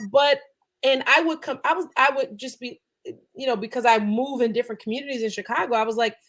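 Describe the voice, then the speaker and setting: A woman's voice: a little high, a bit bright. A woman guest on a podcast, talking casually and chattily, with lots of "like" and "you know".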